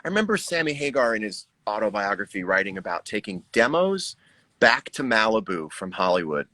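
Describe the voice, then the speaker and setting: A man's voice: on the low side, big pitch swings, a little fast, sharp tone, dry recording, rough recording. A middle-aged American musician talking casually about his record on a livestream, reflective and joking. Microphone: video call.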